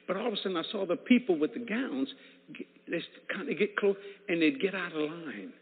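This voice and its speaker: Speaking quickly in a high-pitched voice, a preacher tells his personal testimony and performs the dialogue of each person in it with lively flair. The audio has a thin, phone-like quality and echoes around a hall.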